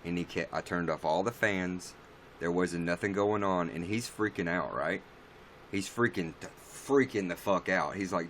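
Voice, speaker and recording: A man's voice: deep voice, measured pace, fairly bright tone, slight background noise. A man chatting casually on a livestream, answering viewer comments in a blunt, rambling, profane way.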